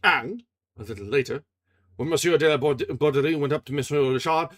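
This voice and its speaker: A man's voice: a little high, natural voice. Man reading as a frantic theatre secretary. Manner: exclamatory, indignant.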